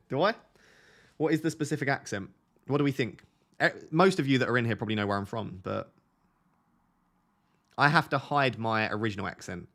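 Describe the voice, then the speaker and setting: Chatty young man with a softened Essex accent. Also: medium pitch, animated, fairly quick, long pauses. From Essex, England. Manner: chatty, laughs often, reads chat questions aloud. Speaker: fantasy football streamer. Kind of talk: casual live-stream chat.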